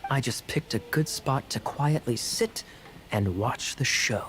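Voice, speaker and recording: An actor playing a sly, amused male knight captain in a video game, with smooth, playful teasing. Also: mid-range voice, a little slow, a bit bright, a little hiss or hum, natural voice.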